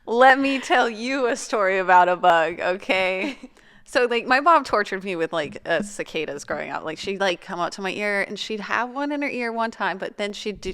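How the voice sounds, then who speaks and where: A woman's voice: medium pitch, smooth. A woman in her twenties, a podcast co-host in casual chat, telling stories animatedly with lots of "like" and swearing. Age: 20s. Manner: animated storytelling, frequent swearing and "like".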